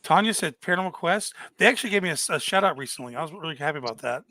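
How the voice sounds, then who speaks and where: Southern US man, slightly high, halting filler-heavy talker, dry mic. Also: animated, sharp tone, no room sound. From southern USA. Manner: hesitant, full of fillers. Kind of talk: casual livestream chat.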